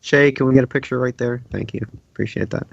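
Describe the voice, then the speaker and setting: A man's voice: mid-range voice, fast, vocal fry, dry recording. Male podcast co-host, laid-back, joking, dry and muffled lo-fi sound. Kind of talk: casual chat.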